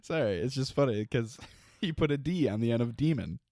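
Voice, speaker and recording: A man's voice: medium pitch, lively intonation, brisk, mellow. A man co-hosting a podcast, chatting casually in a wry, teasing way. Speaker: podcast co-host. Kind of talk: casual chat.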